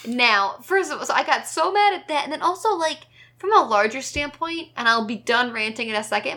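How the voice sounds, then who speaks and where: A woman co-hosts a casual movie-review podcast, pitched a bit high with a bright, forceful tone. She rants in exasperation and swears freely. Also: expressive, a little fast. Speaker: podcast co-host.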